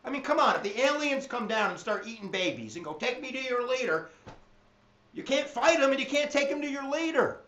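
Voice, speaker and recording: A man teaching history in an energetic, jokey exam review lecture, slipping into silly voices. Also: very high voice, fast, few pauses. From United States. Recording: echoey room, dull lo-fi sound.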